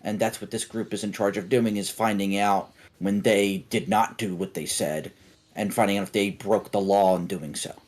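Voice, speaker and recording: A man's voice: lowish voice, steady tone, normal speed, a little mellow. A man co-hosting a wrestling talk show, patiently explaining how something works and checking in with his co-host. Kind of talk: casual explanatory chat.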